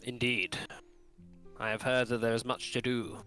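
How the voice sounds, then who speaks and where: Man voicing a dignified old clockwork dragon, formal and measured; light music underneath. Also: medium pitch, bright, forceful tone, natural voice. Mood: solemn.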